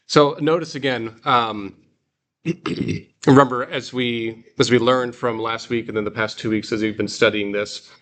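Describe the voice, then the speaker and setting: Man, teacher, classroom lesson, patient, halting explanations. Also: medium pitch, a bit bright. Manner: patient, explains step by step with many fillers and restarts. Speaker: Greek teacher. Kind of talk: guided reading lesson in class.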